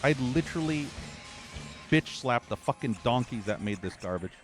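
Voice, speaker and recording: A man's voice: mid-range voice, animated, normal speed, faint music behind. Profane, frustrated gaming streamer man. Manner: frustrated, profane ranting with frequent exasperated sighs. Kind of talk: live game commentary.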